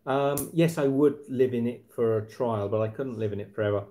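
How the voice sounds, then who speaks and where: A man hosting a relaxed late-night live stream from home. His voice sits low and sounds mellow and soft-edged. He rambles along casually, with plenty of ums and restarts. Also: fairly quick. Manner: chatty, rambling, frequent fillers and restarts. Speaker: livestream host. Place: apartment at night.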